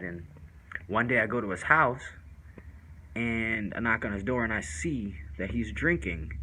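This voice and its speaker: A man's voice: on the low side, pushed and bright, slight background noise, low-quality recording. A man casually telling a first-person story in loose, rambling street slang with lots of fillers.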